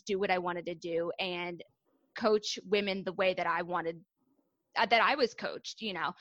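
A young adult woman speaks as a guest on a casual podcast, candid and chatty, her talk full of ums and likes. Her voice is bright and a little forceful. The sound is dry and close. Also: on the low side, no room sound. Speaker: guest, fitness coach.

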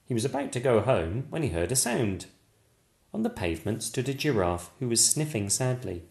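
Male picture-book narrator, very animated, unhurried, echoey room. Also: mid-range voice, gravelly. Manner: slow, lively expressive narration. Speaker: storyteller. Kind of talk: children's picture book read-aloud.

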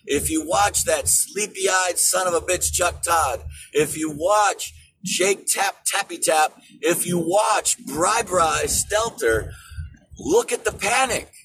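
A man hosts a political commentary show in a somewhat high voice. He rants with energy and often rises to shouts, with music clearly playing behind him. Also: takes it slowly, poor audio. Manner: animated ranting, rising to shouts. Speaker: show host.

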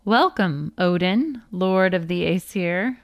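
A woman's voice: medium pitch, very animated, measured pace, dry recording, studio quality. A woman reading as a sing-song old giant sage. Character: wise old long-bearded male giant guarding a well.

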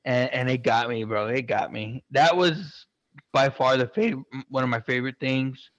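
A man chatting casually, excitable and swearing constantly, rambling with lots of fillers. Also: medium pitch, moderate pace, no room sound, lo-fi sound. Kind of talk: casual chat.

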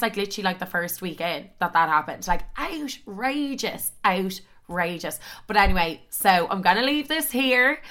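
A woman's voice: on the low side, pushed and bright, clean tone. A young woman hosting a podcast, telling a story in a dramatic, exaggerated way and swearing freely. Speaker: podcast host.

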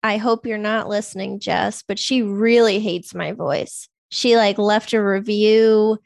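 A woman's voice: mid-range voice, steady tone, unhurried, vocal fry, a little mellow, no echo. A woman in her thirties with a small, girlish voice, chatting unhurriedly as a podcast guest and giggling often. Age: 30s. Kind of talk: casual interview chat.

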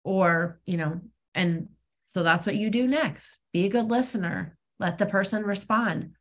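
A woman's voice: mid-range voice, measured pace. Middle-aged woman, plain frank delivery with lots of ums, recovery-meeting share over an online call. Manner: frank and conversational, many ums. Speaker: twelve-step meeting speaker. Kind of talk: personal sharing at a recovery meeting.

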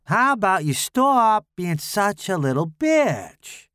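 A man doing a shrill foul-mouthed jeering guy. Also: very animated, takes it slowly, fairly bright tone, smooth, no room sound, clean studio sound, full character voice. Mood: mocking. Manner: jeering, vulgar, cackling. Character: crude mocking young man, foul-mouthed, taunting.

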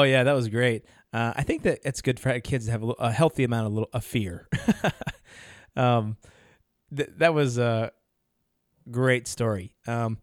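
A man's voice: medium pitch, no room sound, studio quality. Chatty man co-hosting a podcast. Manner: chatty, laughs often, reads notes aloud. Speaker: podcast co-host. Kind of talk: casual chat.

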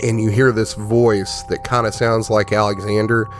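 A man narrating a tabletop game as game master, relaxed and full of fillers. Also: fairly low pitch, normal speed. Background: music.

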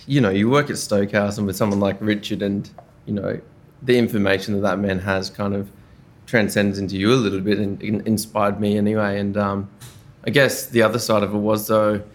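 A young man with an Australian accent talks through his story as a chef in a casual interview. His voice sits fairly low. He rambles comfortably, full of "yeah, nah" and little fillers. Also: brisk. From Brisbane, Australia. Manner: easygoing and chatty, with relaxed slang and frequent fillers. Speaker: chef and podcast guest.

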